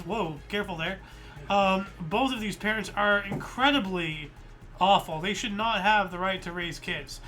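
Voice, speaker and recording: A man's voice: sits high, normal speed, bright, forceful tone, soft background music. A male host of a livestreamed news recap who reads odd stories aloud and then riffs on them, slightly out of breath.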